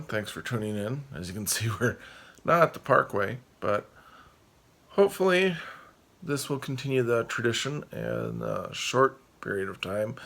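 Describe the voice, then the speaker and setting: Male filmmaker, gravelly, friendly and hesitant greeting. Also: medium pitch, a bit bright. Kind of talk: casual live greeting.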